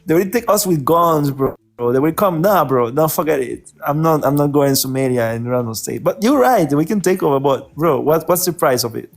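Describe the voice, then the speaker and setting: A man chatting as a guest on a live stream, animated and laughing, throwing in bro at every turn. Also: fairly high pitch, fairly quick, gravelly, hardly any pauses. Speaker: panel guest. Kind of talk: casual livestream chat.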